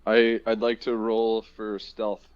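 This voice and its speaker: A man's voice: fairly low pitch, completely flat delivery, takes it slowly, clear, resonant tone. A man playing in a tabletop game, talking hesitantly and repeating words while he plans. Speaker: player. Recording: dull lo-fi voice chat audio.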